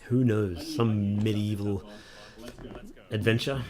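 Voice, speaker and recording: A man casually commentating a game he is playing, talking in a wry, relaxed way with plenty of fillers. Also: lowish voice, slow, music in the background. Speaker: let's play host.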